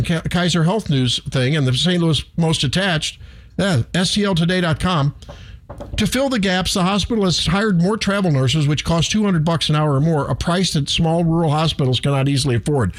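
A middle-aged man, talking on the radio in a slightly high register. He rambles through his monologue with animated, self-deprecating asides. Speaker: radio show host. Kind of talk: casual talk radio monologue. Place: radio studio.

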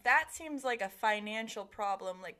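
A woman making wry jokes and quick asides in casual podcast chat. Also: medium pitch, animated, sharp tone.

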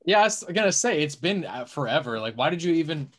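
A man's voice: a little high, big pitch swings, quick pace, fairly bright tone. A man hosting a podcast, teasing and sarcastic in casual chat, swearing freely. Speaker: podcast host.

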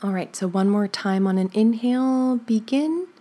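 A woman leading a guided breathing exercise, counting slowly and softly with gentle, encouraging words. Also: medium pitch, completely flat delivery. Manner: slow, soothing counting with soft whispered stretches; gentle encouraging asides with light laughs. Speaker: breathing instructor.

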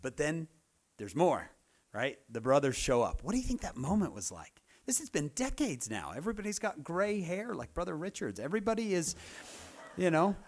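Lively, animated man telling a sermon story. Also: fairly high pitch. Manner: lively storytelling, acts out characters' lines. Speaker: speaker at a church meeting. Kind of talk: humorous sermon.

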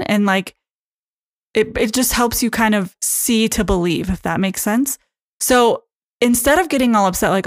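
A woman's voice: medium pitch, no echo, studio quality. A woman hosting a casual solo podcast as a coach, chatty and full of fillers, acting out her own inner thoughts.

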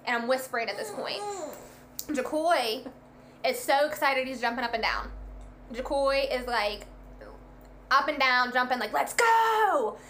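Young woman, casual storyteller, animated, bright and slightly high voice. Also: unhurried, pauses often, a little hiss or hum. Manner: animated, lots of "like", acts out quoted lines. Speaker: guest telling a birth story.

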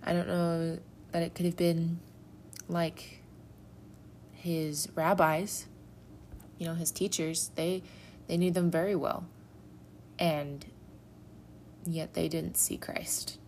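Slow-talking young woman musing aloud. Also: lowish voice, a little mellow, a little hiss or hum. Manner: rambling and informal, with many fillers like "you know" and "like". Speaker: person reflecting on a Bible story. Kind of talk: casual spoken reflection.

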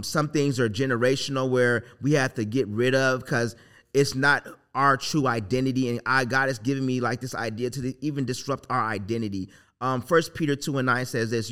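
A man hosting a faith podcast, talking in a rambling, excited way, full of "like" and "literally". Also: medium pitch. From Southern California. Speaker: podcast host. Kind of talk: casual motivational talk.

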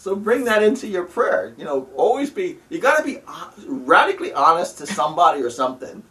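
A man speaking earnestly and casually about prayer, halting often and breaking into soft laughs. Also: high voice, sing-song, recorded from a distance. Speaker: spiritual practitioner sharing advice. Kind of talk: casual reflective talk.

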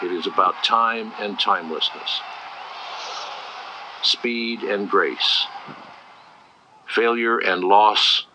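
Slow, low-voiced man narrating solemnly. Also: noisy background. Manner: slow, reflective.

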